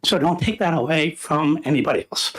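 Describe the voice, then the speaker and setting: A man's voice: on the high side, a little fast, a bit bright, poor audio. A man in his fifties, a retired teacher, giving heartfelt personal testimony in a legislative committee room. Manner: earnest, heartfelt storytelling.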